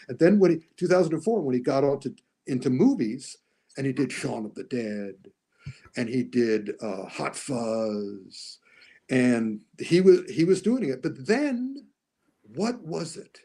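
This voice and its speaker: A man talking casually as a podcast guest about films, animated, often acting out lines he quotes. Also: medium pitch, unhurried, breathy edge. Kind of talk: casual podcast movie discussion.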